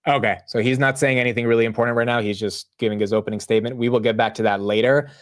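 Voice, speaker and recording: A man from the United States hosts a rapid-fire live stream of market commentary in a medium-pitched, steady voice. Chatty and slangy, he laughs often and calls viewers bro and dude.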